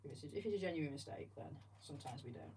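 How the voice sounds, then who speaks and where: Woman host, casual build-along chatter, rambling and self-deprecating, lowish voice picked up from across the table. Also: expressive, rapid-fire, a little mellow. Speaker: livestream host building Lego. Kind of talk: casual chat while building. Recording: distant mic with faint background noise.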